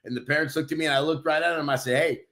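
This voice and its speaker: A man co-hosting a podcast and telling stories in a loud, brash, profane way. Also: on the high side, steady tone, rapid-fire. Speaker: podcast co-host. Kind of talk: casual chat, storytelling.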